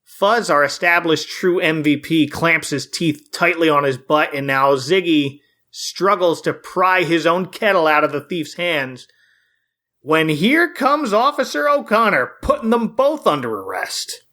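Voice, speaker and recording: Guy on a podcast recapping a cartoon, fairly high bright voice, chatty, laughs a lot. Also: expressive, a little slow. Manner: narrates plot, frequent laughs. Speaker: podcast host. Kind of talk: casual recap chat.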